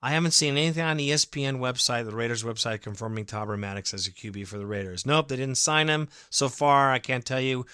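A man hosting his own fan podcast, ranting with heated emotion and cursing as he answers listeners. His voice is bright and forceful, recorded close and dry with no room sound. He talks casually, in a steady middle pitch. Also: fast talker, hardly any pauses, clean tone, no echo. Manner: emotional, ranting, swears freely.

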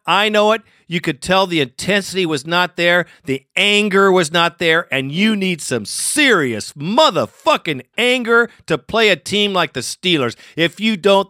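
Male podcast host, furious cursing fan rant, bright forceful voice, dead-dry booth. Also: sits high, dry recording. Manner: profane and furious, swearing constantly. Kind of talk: angry postgame rant.

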